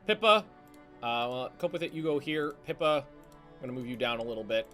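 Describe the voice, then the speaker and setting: A man giving live commentary on a strategy game, talking in halting restarts with casual swearing and barking quick orders to his units. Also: medium pitch, lively intonation, bright, forceful tone, faint music behind. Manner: barks quick orders to units, voice jumps up when alarmed. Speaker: streamer.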